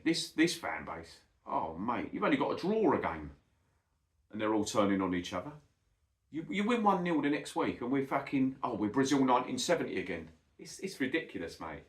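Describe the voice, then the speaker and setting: A middle-aged man, ranting bluntly and swearing a lot in a casual monologue, calling the listener "mate". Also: mid-range voice. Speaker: football vlogger. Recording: echoey room.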